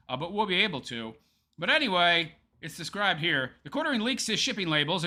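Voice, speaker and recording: A man with a high, very lively voice and a sharp, bright tone. He comments on a clip in a sarcastic, taunting way and laughs often. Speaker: show host. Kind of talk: mocking commentary over a clip.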